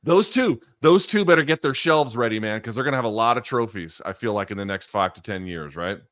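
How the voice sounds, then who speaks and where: A man's voice: medium pitch, animated, a little fast, fairly bright tone, no room sound. Host guy asking rambly questions, dry close sound. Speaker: interview host. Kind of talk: casual interview.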